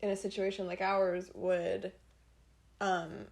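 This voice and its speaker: A woman's voice: mid-range voice, level tone, slow pace, vocal fry. A young woman co-hosting a casual podcast, giggly and self-deprecating. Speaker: podcast co-host. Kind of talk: casual banter.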